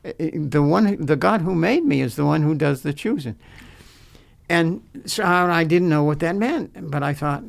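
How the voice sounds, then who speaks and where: An older man who is a pastor, earnestly telling his life story in an interview, halting and repeating words as he remembers. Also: a little high, vocal fry. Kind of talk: personal storytelling in a faith interview.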